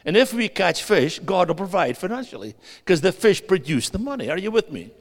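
A man preaching a sermon as a guest preacher, animated, swinging between loud and hushed and putting questions to the audience. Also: high voice, a little fast. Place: church hall. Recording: long hall reverb.

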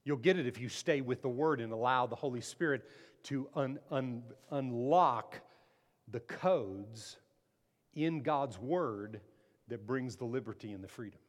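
A pastor preaching a sermon, emphatic and repeating phrases, calling the congregation to answer amen. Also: male voice, mid-range voice, a little slow. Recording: long hall reverb.

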